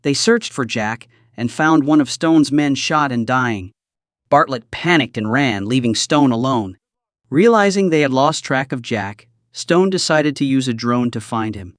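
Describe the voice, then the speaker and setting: A lively man narrates a scripted movie recap in a mid-range voice at a measured pace. The recording is dry, with clean studio sound.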